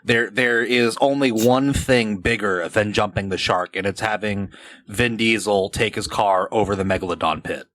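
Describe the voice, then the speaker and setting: A man co-hosting a casual podcast, starting haltingly and then playfully pitching theories. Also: a bit bright. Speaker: podcast co-host.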